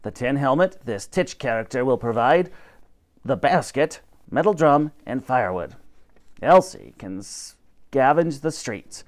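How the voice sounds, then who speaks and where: A man's voice: mid-range voice, expressive, measured pace, lightly acted. A man voicing a grand, snappish old professor who commands and lectures. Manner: commanding, pompous, bursts of rising emphasis.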